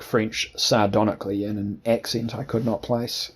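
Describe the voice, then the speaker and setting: Husky-voiced male audiobook narrator. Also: lowish voice, little pitch movement, a bit bright. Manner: measured, formal storytelling. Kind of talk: scripted first-person narration.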